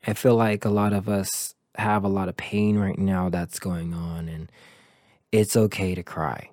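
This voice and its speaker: A man's voice: low voice, flat delivery, unhurried, a little mellow, no room sound, studio quality. A man hosting a motivational podcast, talking earnestly and encouragingly in a loose, rambling way. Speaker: podcast host.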